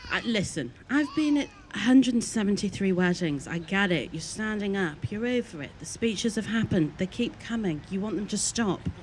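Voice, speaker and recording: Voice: medium pitch, animated, moderate pace, hardly any pauses, a little hiss or hum. A wedding master of ceremonies announcing the next speech in a theatrical, self-mocking way.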